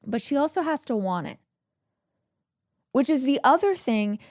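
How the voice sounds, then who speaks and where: A woman's voice: sits high, expressive, moderate pace, darkish tone, dry recording, studio quality. Earnest woman podcast host giving advice. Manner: earnest, emphatic, repeats key phrases. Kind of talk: advice monologue.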